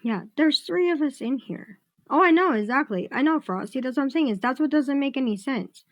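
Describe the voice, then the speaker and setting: A woman's voice: high voice, animated, a little fast, dry recording, highs cut off. A woman on a home livestream, ranting angrily and swearing heavily, breaking off to reassure someone beside her. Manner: angry ranting with heavy swearing; reassuring asides to someone off-mic. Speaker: livestream host. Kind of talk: casual livestream chat.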